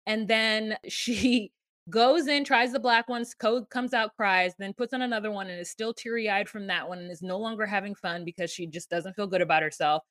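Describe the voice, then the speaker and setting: A woman with a medium-pitched, slightly bright voice co-hosts a podcast, talking fairly quickly as she casually recaps a reality show. Her commentary is sarcastic and profane, with acted-out quotes. The studio sound is clean, with no room sound.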